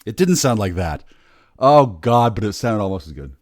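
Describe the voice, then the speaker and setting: A man in his forties, rambling in a bitter, sardonic, heavily profane monologue, muttering low and then bursting out loud. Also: sing-song, normal speed, very noisy. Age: 40s. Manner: bitter, sardonic, swears a lot. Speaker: vlogger.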